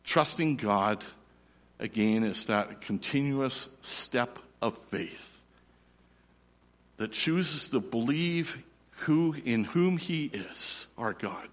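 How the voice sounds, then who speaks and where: A middle-aged man, preaching a sermon and telling a lively personal story before turning quiet and slow. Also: medium pitch. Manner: animated storyteller, drops to soft and slow for reflection. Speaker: pastor. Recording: long reverb of a large hall.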